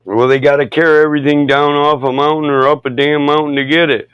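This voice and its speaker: A man chatting casually on a podcast, telling rowdy stories, swearing often and acting out quoted people loudly. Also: a little high, level tone, fast, smooth, no room sound, lo-fi sound. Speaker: podcast host. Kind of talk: casual chat, storytelling.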